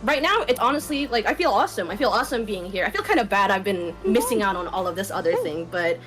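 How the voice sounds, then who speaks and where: A woman's voice: medium pitch, animated, over music, low-quality recording. A woman who does voice acting, chatting on a livestream call, gushing and emotional, close to tears. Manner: gushing, emotional, quick and giggly. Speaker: voice actor guest. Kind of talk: casual chat on a livestream call. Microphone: home microphone, records in a closet.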